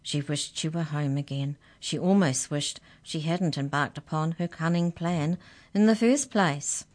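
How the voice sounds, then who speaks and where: A woman with a low voice reads a children's story aloud at an unhurried pace. She narrates expressively, with a gentle sense of drama.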